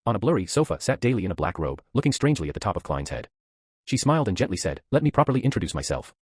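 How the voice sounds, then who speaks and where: A man narrates a novel chapter summary with a very deep, slightly husky voice. He reads quickly, and his pitch rises and falls a lot. The sound is dry and close. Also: big pitch swings, no echo.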